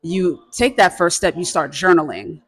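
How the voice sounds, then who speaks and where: A man hosts an interview in a slightly high voice. He stays calm and explains ideas to the audience in an even way. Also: normal speed. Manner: calm, explains concepts to the audience between brief affirmations. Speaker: podcast host. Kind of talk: casual interview.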